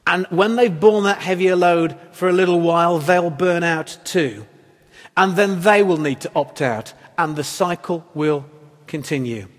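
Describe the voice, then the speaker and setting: A man whose voice is on the high side preaches without hurrying, sounding earnest and emphatic as pastor. Rhetorical questions run through his sermon, which echoes with the long reverb of a church hall.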